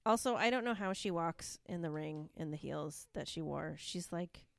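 A woman's voice: deep voice, lively intonation, normal speed, gravelly, dry recording, clean studio sound. A woman co-hosting a podcast, chatting casually and enthusiastically about wrestling with lots of fillers. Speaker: podcast co-host. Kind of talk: casual chat recapping wrestling.

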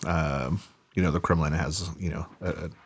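A man's voice: extremely low pitch, steady tone, moderate pace, breathy edge. A man co-hosting a podcast in casual chat, with dry, wry teasing. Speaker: podcast co-host.

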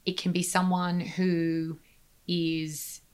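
Woman guest in a chat interview, earnest and emphatic, talks faster when she gets going. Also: fairly low pitch, flat delivery, darkish tone. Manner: earnest, emphatic, speeds up when making a point. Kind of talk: conversational interview.

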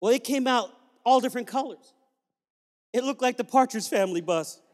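A man's voice: very high voice, a little fast. A man preaching a sermon as pastor, telling family stories with sudden joyful whoops. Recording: long reverb of a large hall.

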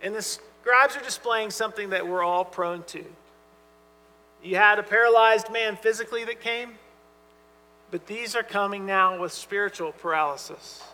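A man preaches with an earnest, emphatic delivery, his voice high and bright. He drops to quiet, tender asides for quoted lines. The sound carries a long hall reverb over a faint mains hum. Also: moderate pace. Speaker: pastor. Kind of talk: sermon.

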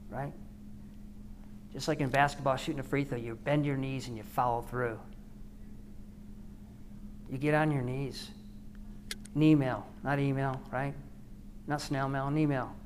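A woman's voice: a bass voice, slight background noise. A woman podcast host giving an earnest devotional talk, preaching with repeated phrases.

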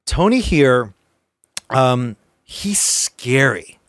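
A man's voice: mid-range voice, big pitch swings, extremely slow, a bit bright, no echo, clean studio sound. A man co-hosting a casual film-review chat, talking in a discursive way with restarts. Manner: discursive, restarts, brief agreeing replies. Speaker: podcast co-host.

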